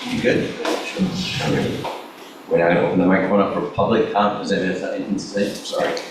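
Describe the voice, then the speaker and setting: A very low-voiced man chairs a public meeting, briskly and casually calling for comments. He is heard from a distance in a heavily echoing room, with clear background noise. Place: large echoey meeting room. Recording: echoey room audio with some noise, from a distance.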